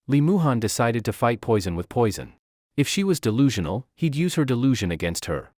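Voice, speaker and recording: A man narrating a comic recap story with a dramatic, animated delivery. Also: medium pitch, normal speed, dry recording, studio quality.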